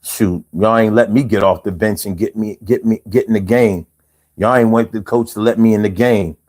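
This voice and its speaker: A man's voice: lowish voice, fairly even intonation, normal speed, a little mellow. A man hosting a live stream, ranting casually and with lots of swearing while he talks straight to the viewers in chat. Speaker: livestream host.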